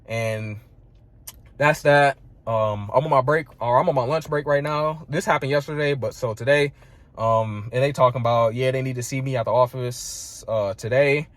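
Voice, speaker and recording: A man's voice: mid-range voice, moderate pace, dry recording. A young man telling a heated, profane story about a clash at work, full of "like" and "bro". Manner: fills speech with "like" and "bro". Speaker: vlogger. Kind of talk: casual storytelling rant.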